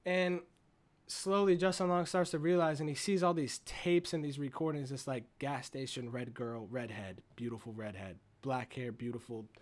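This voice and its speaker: A man recapping a horror movie in a casual, profane, excited and rambling way, seated at his desk. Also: mid-range voice, moderate pace. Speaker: movie reviewer.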